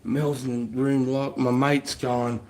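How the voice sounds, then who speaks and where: A middle-aged Australian military veteran hosts a live stream, telling rambling stories in a frank, casual chat full of swearing. His mid-range voice is a little mellow, delivered flatly and slowly.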